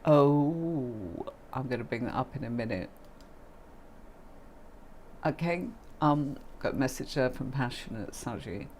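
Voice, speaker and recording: This tarot reader and livestream host is a middle-aged woman with a deep bass voice, expressive and unhurried, leaving long pauses and sounding a little mellow. She teaches in a chatty, affectionate way, addressing viewers as "darling" and "my lovely," over a faint hiss or hum.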